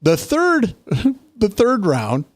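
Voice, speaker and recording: Animated man telling sports stories. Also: no room sound. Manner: animated storytelling, quick pitch jumps. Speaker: co-host. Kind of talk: casual political chat.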